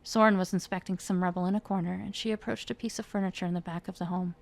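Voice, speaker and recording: A woman's voice: fairly low pitch, steady tone, fast, vocal fry. A woman reading aloud a chapter of her own fantasy novel, lifting her voice for the characters' dialogue. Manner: reads the characters' lines with rising emotion. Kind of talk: dramatic fiction reading.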